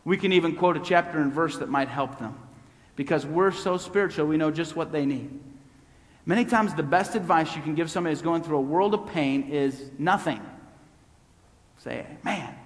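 A man's voice: a little high, a little fast. A man preaching a sermon as pastor, with an emphatic, repeating cadence that builds on phrases. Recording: long hall reverb.

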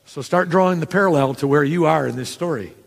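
A man with a high, gravelly voice preaches a sermon in a chatty way, dropping asides to his listeners. His voice rings with a long reverb, as if in a church sanctuary. He acts out quoted lines as he goes. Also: quick pace. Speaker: pastor.

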